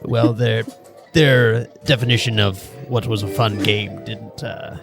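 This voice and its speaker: A man playing a gravelly seafaring bartender. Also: fairly low pitch, fairly even intonation, music in the background. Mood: calm. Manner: hesitant, halting. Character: male bartender Titus, seafaring.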